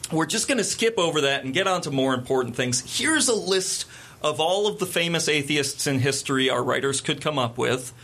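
A man's voice: a little high, animated, fairly quick, fairly bright tone. A man briefly putting on the voice of a smug male atheist professor lecturing his class, in a dismissive tone.

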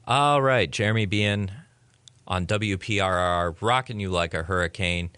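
A man's voice: low voice, normal speed, pushed and bright, smooth, dry recording. A man co-hosting a podcast, playfully putting on a radio-DJ patter.

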